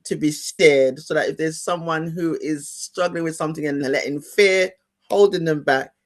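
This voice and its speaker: A man's voice: fairly high pitch, normal speed. A man hosting an interview, asking his questions in a rambling way, searching for words and restarting often. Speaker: interview host. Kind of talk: conversational interview.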